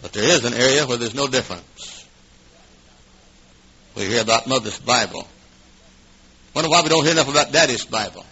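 A man preaching a fiery revival sermon in a church, swinging from shouts to hushed asides and coughing now and then. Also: mid-range voice, a little fast, pauses often, a little hiss or hum. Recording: dull lo-fi old recording.

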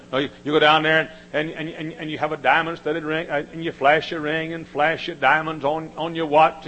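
Gravelly male preacher swinging hushed to loud. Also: fairly high pitch, poor audio. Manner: dramatic swings from hushed to shouting; emphatic repetition. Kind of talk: sermon.

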